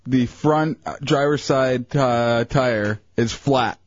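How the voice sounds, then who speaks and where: A radio co-host, a man, chats easily and teases his friends. His voice sits at a middle pitch. The recording is dry and a touch muffled. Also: takes it slowly, dry recording. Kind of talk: casual radio banter. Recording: dry, slightly dull studio mic.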